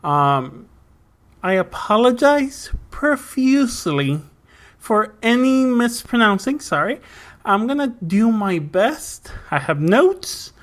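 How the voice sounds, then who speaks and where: A woman's voice: fairly high pitch, very animated, slow pace. A woman voicing a playful female bear shadow demon who talks in a silly, odd put-on accent. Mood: apologetic.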